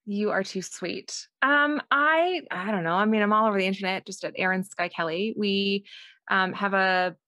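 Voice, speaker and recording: A woman's voice: mid-range voice, moderate pace, bright, forceful tone, no room sound, clean studio sound. A woman from Canada, a guest author, chatting in a rambling, self-deprecating way and laughing often. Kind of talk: casual interview chat.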